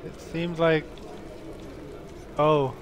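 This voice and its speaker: A man's voice: fairly high pitch, little pitch movement, extremely slow, crowd noise. A man casually commenting while he plays a game live, joking and talking to the characters on screen. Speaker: streamer playing a game.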